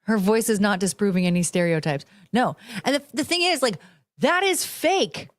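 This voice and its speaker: A woman's voice: medium pitch, big pitch swings, fairly quick. Blunt, profane woman host mocking clips. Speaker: podcast host. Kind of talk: casual commentary on video clips.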